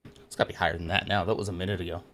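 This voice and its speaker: A man's voice: deep voice, flat delivery, racing, a bit bright, a little hiss or hum. A man hosting a casual live stream, chatting with viewers and out of breath from exercise. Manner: chatty, self-mocking, greets viewers by name. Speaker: livestream host.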